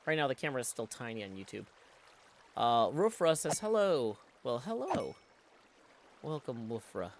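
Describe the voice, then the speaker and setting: A man's voice: mid-range voice, sing-song, normal speed, slight background noise. A middle-aged man, chatting casually on a live stream from his home studio, reading chat aloud and humming to himself. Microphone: studio XLR mic.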